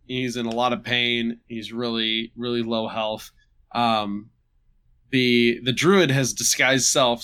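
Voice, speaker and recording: A man casually recapping a tabletop game session, halting and restarting with chuckles. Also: mid-range voice, bright, forceful tone. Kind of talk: casual chat.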